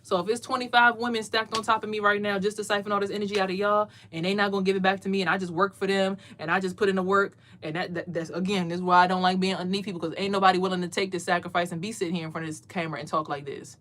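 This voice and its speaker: A woman's voice: medium pitch, steady tone, rapid-fire, few pauses. A woman hosting a casual livestream from a small closet, talking emphatically in a preachy way and often repeating her words. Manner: emphatic, preachy, repeats words, mimics others in loud bursts. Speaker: livestream host doing card readings.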